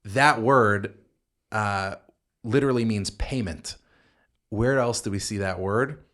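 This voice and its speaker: A man's voice: fairly low pitch, slow, fairly bright tone. A man, a rabbi, explaining Bible passages in a podcast discussion, quoting Hebrew verses and often restarting his sentences. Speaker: rabbi co-host explaining scripture.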